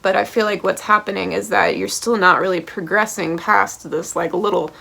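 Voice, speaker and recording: Woman tarot reader, blunt and heated, cursing, gravelly fry in her voice. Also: mid-range voice, steady tone, normal speed, bright, forceful tone, a little hiss or hum. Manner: blunt, passionate, swears freely, keeps checking in with "okay?" and "right?". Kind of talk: pick-a-card tarot reading to camera.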